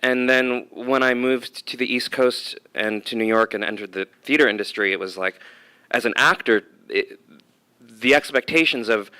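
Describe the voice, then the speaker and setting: A man's voice: medium pitch, moderate pace, bright, forceful tone, smooth. A man from the United States, an actor and dramaturg, speaking thoughtfully on a panel with some hesitations. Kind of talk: reflective panel talk.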